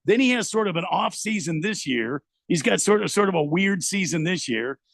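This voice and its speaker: A male sports radio host with a somewhat high voice, talking haltingly and repeating himself as he builds a case. His voice comes through dry and close. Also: expressive, vocal fry, fairly bright tone, no room sound. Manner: halting, repeats words while building an argument. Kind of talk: casual sports talk.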